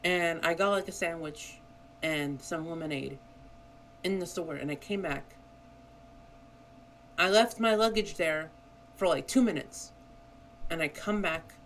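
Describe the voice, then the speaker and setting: A young man with a high voice, a streamer from Brazil whose first language is Portuguese. He tells a story in a loose, animated way and swears freely. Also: a little slow, pauses often, slight background noise, low-quality recording. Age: young adult. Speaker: vtuber streamer. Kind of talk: casual storytelling.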